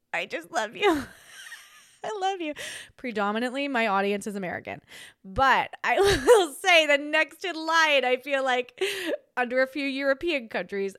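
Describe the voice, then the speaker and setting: A woman's voice: fairly high pitch, a bit bright, clean tone, no echo, clean studio sound. Giggly Australian woman chatting solo. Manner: chatty, giggly, rambling with restarts. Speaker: podcast host. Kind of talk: casual solo chat.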